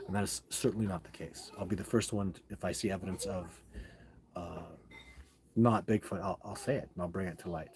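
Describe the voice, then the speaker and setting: A man hosting a live stream, chatting casually and rambling as he answers viewer questions, often restarting sentences and getting excited. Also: on the low side, a little fast, slightly rough.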